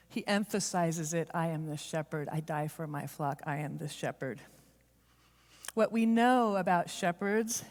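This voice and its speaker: A woman giving a heartfelt, confessional storytelling sermon at church, speeding up and slowing down for emphasis. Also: medium pitch. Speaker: church speaker. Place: church sanctuary. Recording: long reverb of a large hall.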